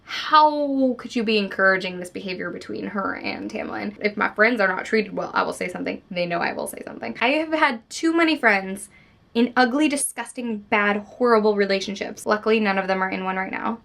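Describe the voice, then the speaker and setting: Excitable gushing woman talking books. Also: mid-range voice, a little fast, creaky. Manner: gushing and excitable, swears freely. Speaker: book vlogger. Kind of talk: casual spoiler book discussion.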